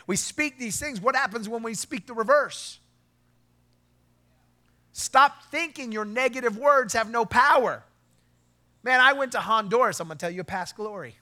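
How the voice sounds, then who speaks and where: Delivering a sermon, this middle-aged male pastor tells an animated story at normal speed, moving from quiet asides to loud exclamations.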